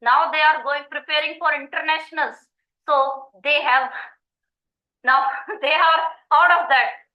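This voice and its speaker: A high-pitched middle-aged woman with an Indian accent speaks as a school principal at a conference. She talks earnestly but haltingly and often pauses on fillers. The sound is echoey and slightly muffled. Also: fairly even intonation. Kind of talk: conference panel talk.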